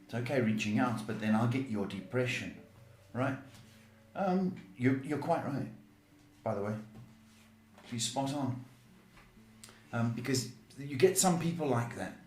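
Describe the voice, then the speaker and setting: A man's voice: mid-range voice, lively intonation, measured pace, long pauses, a little mellow, reverberant, a little hiss or hum. A man hosting a live psychic advice show, answering questions bluntly with teasing jokes. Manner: blunt, teasing, jokes at his own expense. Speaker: psychic tarot host. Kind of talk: live-stream advice chat.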